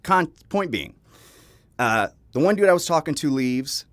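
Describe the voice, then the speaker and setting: A man's voice: fairly high pitch, animated, measured pace, no room sound. A young man telling a personal story in a casual vlog, rambling with frequent laughs and restarts, swearing now and then. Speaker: vlogger. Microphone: home microphone.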